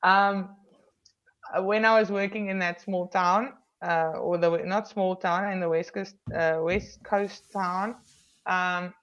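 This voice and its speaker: A woman's voice: lowish voice, a bit bright. A South African woman, a police officer, frankly recounting her work in a casual interview with many ums and restarts. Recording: slightly dull lo-fi recording.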